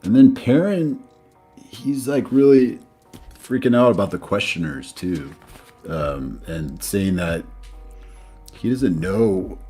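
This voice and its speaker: A man co-hosting a book chat, relaxed and full of "like" and "um". His voice is very low and a bit husky. He muses rather than performs. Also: slow pace, long pauses, faint music behind. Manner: laid-back, filler-heavy talk. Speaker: podcast co-host. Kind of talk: casual chat about a book.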